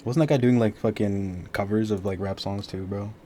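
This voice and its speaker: Young male streamer, lowish voice, relaxed slangy banter, faint background hiss. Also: normal speed. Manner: laid-back banter with slang and swearing. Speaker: streamer host. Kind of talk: casual gaming chat.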